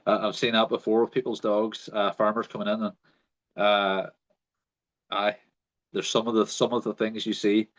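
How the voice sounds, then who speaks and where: Guy hosting a podcast, low voice, tells stories and does the voices, kinda muffled audio. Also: normal speed, pauses often. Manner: animated storyteller, acts out quoted voices. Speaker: podcast host. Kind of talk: casual storytelling chat. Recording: dull lo-fi audio.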